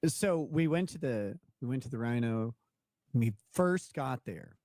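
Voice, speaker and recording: A man's voice: mid-range voice, lively intonation, unhurried, a little mellow, no room sound, clean studio sound. A young man hosting a casual talk show, telling a rambling anecdote with many restarts and laughing at his own tale. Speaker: show host. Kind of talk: casual storytelling chat.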